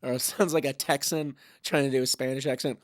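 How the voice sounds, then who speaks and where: A man's voice: medium pitch, steady tone, brisk, dry recording, studio quality. A young man hosting a podcast, rambling and self-deprecating as he signs off, swearing now and then. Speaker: podcast host. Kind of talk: casual podcast sign-off.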